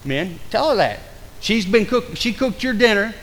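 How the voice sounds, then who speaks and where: Male pastor, high voice, urgent-to-hushed sermon delivery, big church reverb. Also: sing-song, moderate pace, slight background noise. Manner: swings between loud urgent preaching and low hushed warnings; acts out excuses in mocking quoted voices. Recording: long hall reverb.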